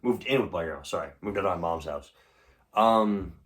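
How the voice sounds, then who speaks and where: A young male vlogger with a low, slightly rough voice talks fairly quickly, rambling through a personal story in a casual way. He swears often and fills pauses with ums and likes, growing louder and more animated later on.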